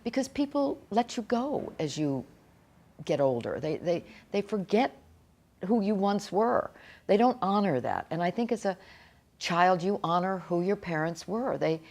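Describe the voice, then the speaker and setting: A middle-aged woman giving an earnest, halting personal account in an interview, often restarting her sentences. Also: on the low side, expressive, darkish tone. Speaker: author interviewee.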